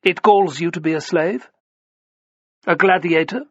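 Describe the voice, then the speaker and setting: A smug Roman nobleman, put on by a male narrator, condescending and drawling, speaking higher and louder than the narration. The voice is husky and dry on a dull, lo-fi recording. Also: unhurried, no echo.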